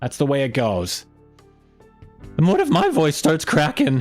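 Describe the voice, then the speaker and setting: At a measured pace and with faint music behind, a man hosts a casual live-stream chat. He meanders through it, filling gaps with fillers and restarting often, his pitch swinging when he jokes.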